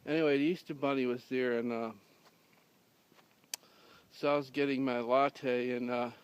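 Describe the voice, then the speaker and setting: A man's voice: mid-range voice, fairly even intonation, normal speed, smooth. A man telling a rambling humorous story in a dry, casual way, with many fillers and restarts. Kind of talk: casual deadpan anecdote telling.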